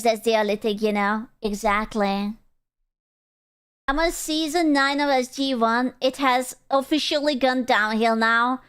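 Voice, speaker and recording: A young woman streamer chats casually with her viewers in a high, clear, smooth voice. Her talk is playful, giggly and crude, and she takes her time getting the words out. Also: a bit bright. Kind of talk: casual livestream chat.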